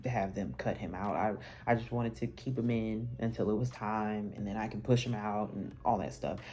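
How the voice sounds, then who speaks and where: A woman's voice: very deep voice, warm tone. A woman vlogger telling a personal story in a candid, casual, conversational way, with many fillers and restarts.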